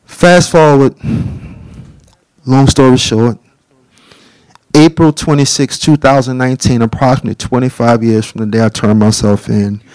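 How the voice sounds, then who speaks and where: A middle-aged man preaching a testimony, telling his story in an animated way and acting out the dialogue. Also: medium pitch, moderate pace, pauses often, clear, resonant tone, no room sound. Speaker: speaker giving a testimony.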